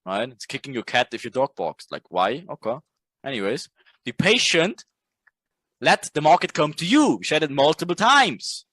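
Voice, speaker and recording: A man's voice: medium pitch, sing-song, moderate pace, fairly bright tone, dry recording. A man teaching a trading course in a casual lecture. He talks bluntly, swears freely, and keeps checking in with "right?".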